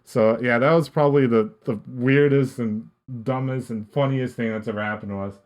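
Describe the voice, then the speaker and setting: A man's voice: medium pitch, fairly even intonation, moderate pace, darkish tone. A young man and podcast guest, telling a casual story in a rambling way with many restarts. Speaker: podcast guest, esports coach.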